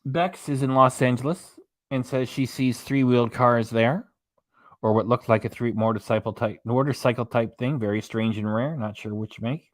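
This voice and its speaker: A man speaks at normal speed with a medium pitch and fairly even intonation while hosting a casual reaction livestream. He chats, rambles between topics, and reads out viewer messages and web pages, in a dry, studio-quality recording.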